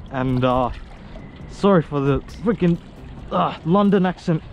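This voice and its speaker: A young man from Australia, vlogging casually while fishing outdoors on a sea wall, excitable and slangy, laughing often. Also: a little high, a little slow, highs cut off, soft background music. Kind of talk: casual outdoor vlog commentary.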